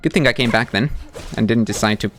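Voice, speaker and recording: A man's voice: medium pitch, fast talker, a little hiss or hum. A man doing live gameplay commentary as a streamer, talking back to the game's characters. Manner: animated, talks to the game characters.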